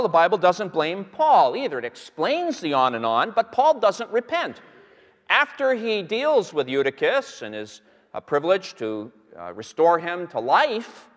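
Lively man lecturing in a reverberant hall. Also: high-pitched. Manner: animated storyteller, many fillers and restarts. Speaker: Bible teacher. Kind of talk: lecture to a live audience.

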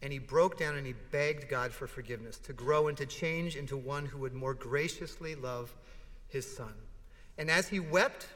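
Man, pastor, sermon, higher voice, hushed dramatic drops, long church reverb. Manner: heartfelt storytelling, with dramatic pauses and hushed drops.

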